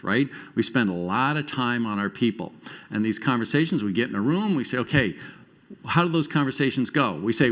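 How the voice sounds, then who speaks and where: A middle-aged man speaks from a conference stage, his pitch rising and falling freely as he tells stories. His delivery keeps jumping between loud, quick bursts and slow, quiet asides. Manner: animated storytelling with quick shifts in loudness and pace. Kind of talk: conference keynote talk. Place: conference stage before a live audience.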